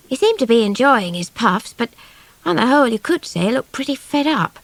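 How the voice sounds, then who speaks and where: A woman narrates a storybook in a chatty, girlish first-person manner. Her voice is on the higher side and moves lively up and down. It is recorded dry and close. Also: brisk, creaky, dry recording. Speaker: audiobook reader.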